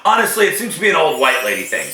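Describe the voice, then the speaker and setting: A man hosts a casual food-tasting video, joking and stretching out his reactions. His voice is bright and slightly high, and it rises and falls a lot. The sound carries the echo of a bare room. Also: a little hiss or hum. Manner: animated, joking, drawn-out reactions. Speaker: show host. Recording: echoey room.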